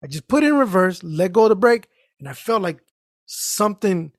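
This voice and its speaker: Animated, profane man. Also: high voice, a little fast, no echo, studio quality. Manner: animated, profane, acts out the people in his stories. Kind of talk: casual storytelling chat.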